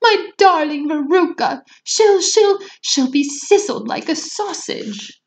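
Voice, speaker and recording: A woman's voice: very animated, slow, slight background noise, full character voice. A shrieking frantic mother. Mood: shrieking panic. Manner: shrill, screaming, frantic. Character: hysterical shrieking wealthy mother.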